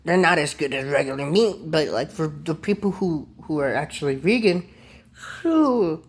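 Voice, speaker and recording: Woman, mukbang host, casual chat, tired, rambling, deep husky voice. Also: animated, normal speed. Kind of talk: casual chat while eating.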